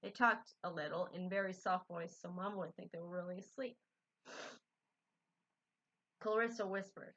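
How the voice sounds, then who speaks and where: A woman reading a children's book aloud in a gentle, unpolished way, correcting her own slips. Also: on the low side, fairly even intonation, moderate pace, long pauses. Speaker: storybook reader. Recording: dull lo-fi recording.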